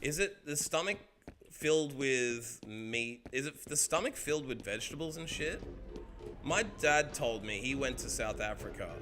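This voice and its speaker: An Australian man streaming a game, chatting casually with viewers in an excitable, rambling way and swearing freely. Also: medium pitch, normal speed, over music. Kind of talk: casual chat while gaming.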